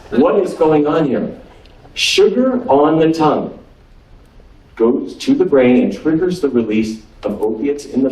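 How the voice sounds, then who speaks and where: In a lecture room aboard a cruise ship, a physician from North Dakota delivers a funny talk on nutrition and tests his listeners with questions. He has a mellow, mid-range voice, picked up from far off in a spacious hall.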